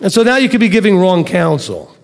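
A middle-aged man leads a Bible teaching in a loose, chatty way and leans on everyday stories to make his points. His voice sits high for a man. The sound rings with a long reverb, as if recorded in a hall. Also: very animated, a little fast, creaky. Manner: conversational, tells homely stories, chuckles. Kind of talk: live-streamed Bible teaching.

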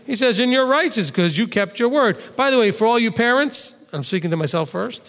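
High-voiced male preacher in a reverberant hall. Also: fairly bright tone. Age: adult father of two. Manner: conversational, addresses listeners directly with asides. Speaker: pastor. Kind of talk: sermon teaching from scripture.

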